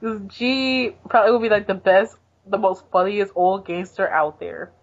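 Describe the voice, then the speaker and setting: A woman's voice: medium pitch, normal speed, muffled recording. A young woman co-hosting a casual podcast, rambling through a manga recap and laughing often. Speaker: podcast co-host.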